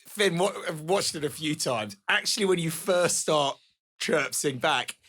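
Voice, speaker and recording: A man's voice: a little high, animated, unhurried, bright, forceful tone. A man co-hosting a sports podcast, putting plain questions to the guest. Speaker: podcast co-host. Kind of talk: interview questions.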